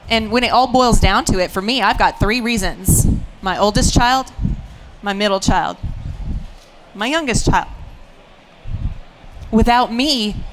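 A woman's voice: fairly high pitch, measured pace, pauses often, fairly bright tone, a little hiss or hum, low-quality recording. Chatty, humorous woman on a panel. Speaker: firearms instructor and panelist. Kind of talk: panel discussion.

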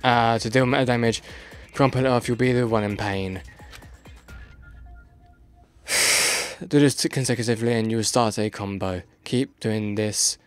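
A man's voice: medium pitch, unhurried, long pauses, clear, resonant tone, soft background music. A tired man doing casual let's play commentary, exasperated and rambling, swearing as he goes.

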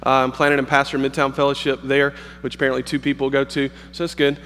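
A man's voice: medium pitch, completely flat delivery, fairly bright tone. A man in his thirties, a pastor, preaching in a humorous, storytelling way with plenty of fillers and restarts. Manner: joking, storytelling, halting with fillers. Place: campus worship hall. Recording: long hall reverb.

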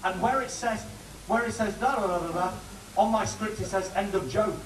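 A man doing joking warm-up patter for a TV studio audience. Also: high-pitched, normal speed, recorded from a distance, a little hiss or hum. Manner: chatty, joking, lively. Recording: roomy studio heard from afar with audience.

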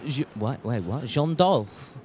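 A man's voice: mid-range voice, animated, takes it slowly, darkish tone, a little hiss or hum. A man casually commentating his gameplay, rambling and joking as he chats with viewers. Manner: rambling, jokey, chatty with viewers. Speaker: game streamer.

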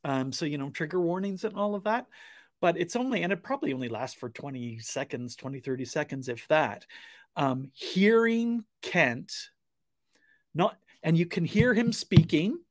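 A man with a fairly high voice co-hosts a casual online panel discussion. He hedges and fills his pauses as he talks, and the sound is dry and close with no room echo. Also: lively intonation. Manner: hesitant, hedging with fillers.

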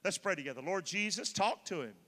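A middle-aged pastor preaches a sermon in a large church hall, his voice high, animated, pushed, bright, and a little fast. Emphatically, he leads the congregation in prayer and presses them to answer back, with long church reverb around him.

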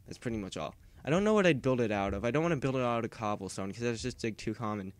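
A man giving casual, rambling gameplay commentary who yells and panics when startled. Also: mid-range voice, lively intonation, fast talker, no room sound. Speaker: gaming video host.

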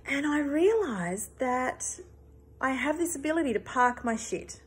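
A woman's voice: high-pitched, expressive, measured pace, husky. A woman in her thirties, a therapist, talking earnestly and emphatically in a personal reflective monologue, swearing casually.

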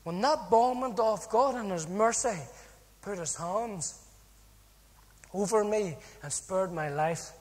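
A man with a Northern Irish accent giving a personal testimony, telling his story in an animated, humorous way and acting out the dialogue. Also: high-pitched, slow pace. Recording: long hall reverb.

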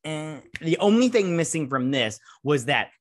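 A man's voice: a little high, big pitch swings, normal speed, dry recording. Male host, casual episode recap, rambling and profane, dry close sound. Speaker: show host reviewing a TV episode. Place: at home with a dog nearby.

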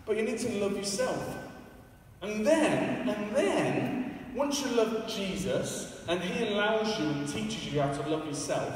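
A man's voice: on the high side, a little hiss or hum. A man preaching a casual, joking, self-deprecating sermon in a church. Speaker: evangelist preacher. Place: church hall. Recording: echoey hall, far from the mic.

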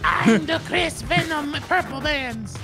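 A man voicing a small, touchy purple symbiote creature in a high, whiny voice. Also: slow, over music, full character voice. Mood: offended.

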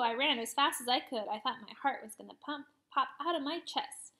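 A woman reading a children's chapter book aloud in a lively, expressive storytelling manner. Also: sits high, moderate pace, few pauses. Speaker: reader.

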